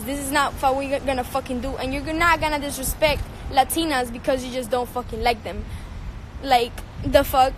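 A teenage singer from Cuba speaks English with a Cuban Spanish accent, her voice pitched high. She rants in a heated, profane, confrontational way, firing back at someone over a livestream, with faint noise behind her. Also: a bit bright, poor audio. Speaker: singer and social media personality.

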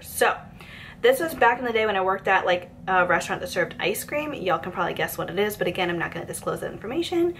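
A woman's voice: medium pitch, lively intonation, quick pace, hardly any pauses, a bit bright, slight background noise. A woman in her twenties telling a work story, chatty and exasperated, with lots of fillers. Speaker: vlogger. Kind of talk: storytime rant.

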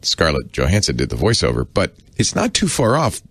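Deep, gravelly, animated middle-aged man. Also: fairly quick, no echo, studio quality. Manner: chatty, self-correcting, laughing asides. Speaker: podcast co-host. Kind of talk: casual explaining chat.

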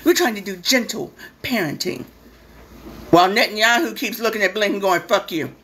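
A woman's voice: mid-range voice, fairly quick, fairly bright tone, slightly rough. Blunt, profane woman ranting live. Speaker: host of a live stream. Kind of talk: impassioned live-stream rant.

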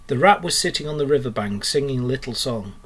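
Male teacher narrating a children's classic for pupils; steady, clear, mid-range voice. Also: medium pitch, fast. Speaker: primary school teacher. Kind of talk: reading a storybook aloud to children.

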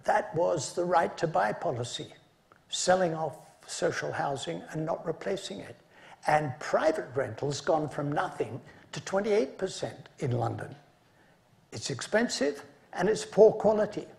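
A man giving an academic conference lecture, measured in delivery and dropping dry asides between points. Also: on the high side, animated, creaky, a little mellow. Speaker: conference speaker.

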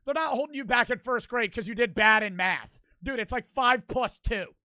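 A young man streaming a reaction, ranting loudly and profanely while mocking what he watches. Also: extremely high pitch, normal speed, no room sound. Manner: loud, profane, mocking rants. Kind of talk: crude live-stream reaction commentary.

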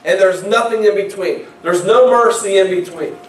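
In a church sanctuary, a male pastor with a high voice preaches conversationally at a normal pace, often repeating words as he begins a phrase. The recording is echoey, picked up from far away in the church.

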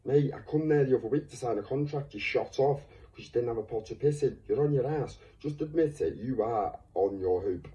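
A man's voice: mid-range voice, brisk, hardly any pauses, mellow. A man in an angry, swearing rant to camera as a YouTuber. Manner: heated, insulting, swearing. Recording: distant, dull lo-fi recording.

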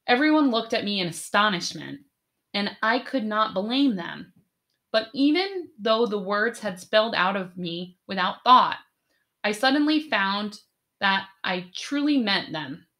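A woman narrating a story in the first person as an audiobook, with slow, careful storytelling. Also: mid-range voice, animated, pushed and bright.

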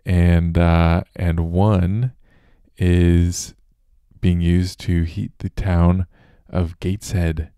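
A man's voice: deep voice, level tone, drawn-out words, warm tone, smooth, dry recording, clean studio sound. A man hosting a show alone, talking casually and loosely with fillers and restarts. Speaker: host. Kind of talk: casual solo podcast monologue.

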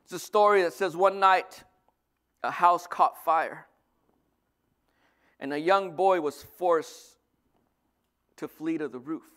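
High-voiced male pastor preaching. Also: slow pace, long pauses. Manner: lively, swings from loud bursts to soft asides. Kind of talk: sermon.

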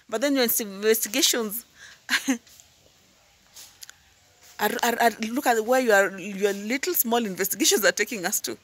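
A woman's voice: on the high side, moderate pace, pauses often. Emphatic woman firing rhetorical questions. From Tanzania. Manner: emphatic, fires rhetorical questions, prods with "hmm?" and "huh?"; repeats words when worked up, then drops into calmer asides. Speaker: YouTube reactor. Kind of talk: impassioned commentary vlog.

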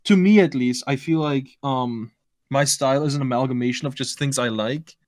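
A man chatting casually as a guest on a podcast, relaxed and joking. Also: mid-range voice, moderate pace, no room sound, clean studio sound. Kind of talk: casual chat.

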